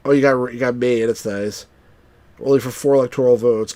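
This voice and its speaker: A man's voice: mid-range voice, a little fast, no room sound. Chatty wry man streaming a game. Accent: New Jersey. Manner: chatty, wry, bursts into excited cheers. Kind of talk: live let's-play commentary.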